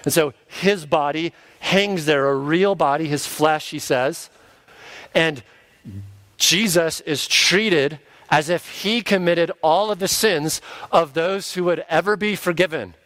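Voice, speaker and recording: A man's voice: fairly high pitch, takes it slowly, a bit bright. A man, a pastor, preaching an earnest sermon and now and then acting out the voices of the people he quotes.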